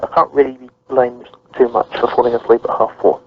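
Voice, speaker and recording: A man's voice: mid-range voice, little pitch movement, fairly quick, no echo. A man with a British accent chatting casually about wrestling with a dry, joking manner. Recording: dull lo-fi sound.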